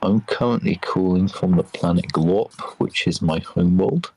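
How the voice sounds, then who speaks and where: A man voicing a befuddled male alien calling in from a far planet, with a hesitant, deadpan, oddly literal way of talking. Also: deep voice, moderate pace, breathy edge. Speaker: caller.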